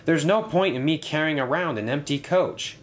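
A man's voice: fairly high pitch, moderate pace, pitched above the performer's own voice, close to an everyday voice. A man voicing a cheerful young male tank engine in a storybook tale, with a raised, eager voice. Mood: glum.

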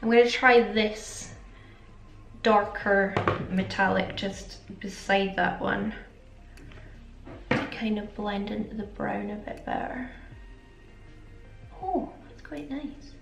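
A woman's voice: medium pitch, flat delivery, slow pace, creaky, long pauses. A woman chatting casually through a makeup tutorial, rambling and self-aware. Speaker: beauty vlogger. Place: home makeup setup. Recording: echoey room with faint music.

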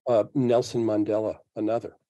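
A man's voice: fairly low pitch, flat delivery, fairly quick, warm tone, dry recording, dull audio. A man in his seventies, a podcast guest speaking reflectively in an interview and thinking aloud with frequent restarts. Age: 70s. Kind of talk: interview conversation.

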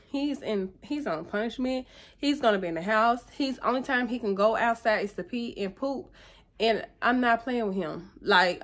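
A young woman, chatting casually and emotionally to her viewers in a vlog. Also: a little high. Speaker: vlogger. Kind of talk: casual chat to camera.

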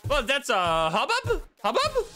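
A man's voice: very high-pitched, huge pitch swings, fairly quick, creaky, over music, voice pushed up, full character voice. A man voicing a fussy, overly polite male hotel innkeeper in an annoying put-on accent. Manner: overly polite, apologetic customer-service tone.

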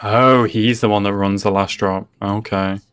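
A man's voice: fairly low pitch, steady tone, unhurried, fairly bright tone, clear, resonant tone. A man hosting a reaction video, talking casually and blurting out reactions, often swearing and laughing. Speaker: reaction channel host.

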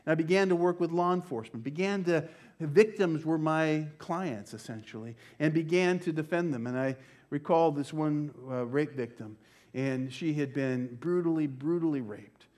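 An older pastor preaches to his congregation in church with a slightly high, darkish voice. He slows down for emphasis and at times drops almost to a whisper.

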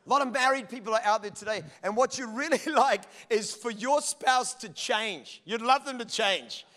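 A man's voice: extremely high pitch, moderate pace, a bit bright. A middle-aged male pastor preaching a sermon, telling funny stories and acting out bits of dialogue. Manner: humorous storytelling, acts out dialogue. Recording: long church hall reverb.

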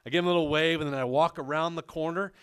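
A man telling a comic personal story on a podcast, animated and self-mocking, with his voice leaping up on quoted lines. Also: a little high, very fast, smooth. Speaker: comedic storyteller.

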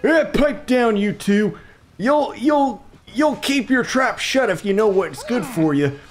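A man's voice: sits high, expressive, slow pace, soft background music, pitched above the performer's own voice. A man voicing a grumpy, bossy old male rock creature leading a mountain town in a video game.

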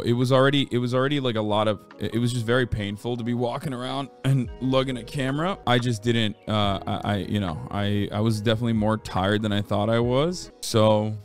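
A man in his thirties chatting casually as a streamer, answering viewer questions, cursing freely and swinging between low mumbling and loud rants while in pain from an injury. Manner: profane, ranting, shifts between low mumble and loud outbursts.

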